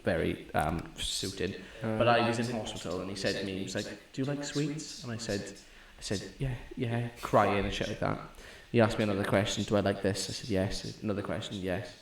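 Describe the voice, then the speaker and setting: Young male podcast co-host, lowish voice, chatty storyteller who swears a lot, roomy echo on the mic. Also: fairly quick, vocal fry, few pauses. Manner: swearing, storytelling, animated retelling. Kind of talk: casual chat.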